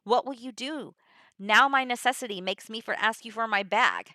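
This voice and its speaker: A woman's voice: on the high side, normal speed, pushed and bright, no echo, studio quality. A woman reading the verse lines of a loyal, distraught male sea captain in a plain voice with little acting. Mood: pleading.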